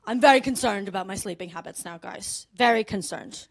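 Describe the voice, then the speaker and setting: A woman's voice: mid-range voice, fairly quick, vocal fry, hardly any pauses. A young Canadian woman performing a chatty, self-mocking stand-up set on a comedy club stage, often tagging her lines with "right?". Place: comedy club stage before a live audience.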